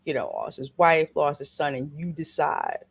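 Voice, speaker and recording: A man joining a casual talk and slowly retelling a scene. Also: a little high, huge pitch swings, vocal fry, fairly bright tone, husky. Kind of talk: casual chat.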